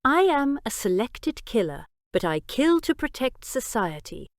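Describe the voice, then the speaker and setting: A woman performs a cold young vigilante out for revenge in a storybook. He lays out his threats slowly and deliberately. The voice is clear and dry, and the pitch moves widely. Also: sing-song, dry recording. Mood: menacing.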